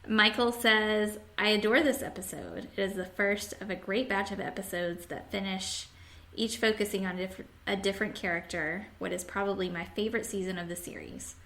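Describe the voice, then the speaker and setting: A woman's voice: mid-range voice, steady tone, moderate pace, fairly bright tone. A woman hosting a podcast, casually chatting and reading listener comments aloud with frequent laughs. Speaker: podcast host.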